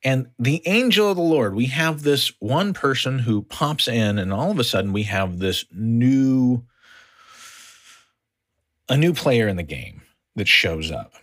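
Male podcast Bible teacher, mid-pitched and very lively in his rise and fall, casual verse-by-verse explainer. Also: a little slow. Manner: animated, conversational explaining with frequent restarts. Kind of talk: conversational Bible study teaching. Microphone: podcast microphone.

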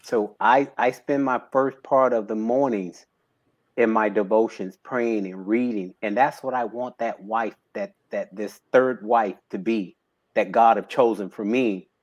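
Animated fifty-something man telling stories. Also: fairly low pitch, unhurried, lo-fi sound. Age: 50s. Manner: animated storyteller, emotional about faith. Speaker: podcast guest, bodybuilder and trainer. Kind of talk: casual conversation.

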